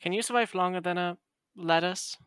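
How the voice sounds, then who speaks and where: A man's voice: high voice, fairly quick, fairly bright tone, smooth, no echo. Young man asking teasing questions. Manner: curious, asks teasing questions. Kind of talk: casual chat.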